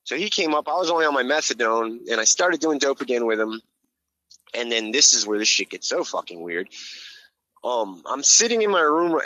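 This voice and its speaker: Guy telling a rough story on a podcast, cussing constantly, bright voice, kinda muffled lo-fi audio. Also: mid-range voice. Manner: blunt, heavy swearing, rambling restarts. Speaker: podcast guest. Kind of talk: casual storytelling.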